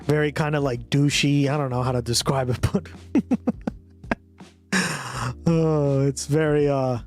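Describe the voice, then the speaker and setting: Rambling Boston streamer with music behind. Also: male voice, medium pitch, steady tone, unhurried. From Boston area. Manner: rambling, filler-heavy, laughs a lot. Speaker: streamer host. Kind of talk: casual livestream chat.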